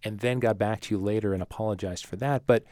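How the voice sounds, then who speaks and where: A man's voice: on the low side, quick pace, a little mellow, dry recording, clean studio sound. A man hosting a radio show, introducing a guest and asking probing questions in a conversational way. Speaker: radio host. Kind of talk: radio interview. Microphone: studio mic.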